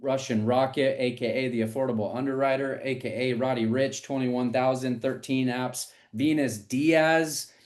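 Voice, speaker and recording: Brief: energetic man hosting a team call, reading numbers and hyping people up. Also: mid-range voice, normal speed, hardly any pauses. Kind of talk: upbeat team meeting shout-outs.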